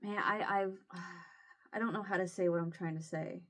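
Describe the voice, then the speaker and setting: Emotional woman vlogger, halting speech. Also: lowish voice, fairly even intonation. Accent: Southern Illinois. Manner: halting, emotional, many restarts. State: near tears. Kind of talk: casual chat to camera.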